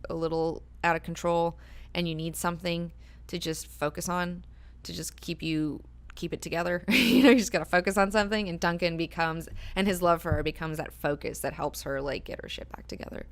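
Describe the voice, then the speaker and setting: A woman's voice: lowish voice, steady tone, a little fast. A woman hosting a book club, talking casually, swearing freely and acting out characters' lines as she goes.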